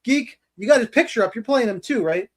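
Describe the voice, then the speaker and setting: A man hosting a casual sports podcast, quick and teasing with his co-hosts. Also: very high voice, lively intonation. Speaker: podcast host.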